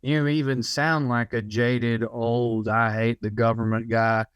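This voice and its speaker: A man's voice: medium pitch, little pitch movement, a little slow, clear, resonant tone, no echo, studio quality. A man co-hosting a podcast, teasing and joking in a profane, casual way. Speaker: podcast co-host. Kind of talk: casual chat.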